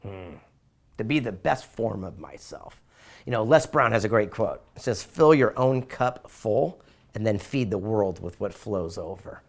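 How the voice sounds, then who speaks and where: Enthusiastic storytelling man, mid-pitched. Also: vocal fry. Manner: enthusiastic, acts out voices in anecdotes. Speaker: interview guest, author and speaker. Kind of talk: animated storytelling in an interview.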